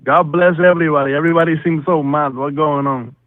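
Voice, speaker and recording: A man playing a loud prank caller with an exaggerated fake accent, mixing in Spanish. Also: fairly high pitch, steady tone, takes it slowly. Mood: goofy. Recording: tinny phone line.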